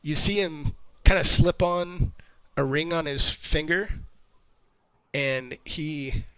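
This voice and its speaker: A man running a tabletop game as game master, narrating in loose, halting, conversational bursts. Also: fairly high pitch, sharp tone, smooth, no room sound, low-quality recording.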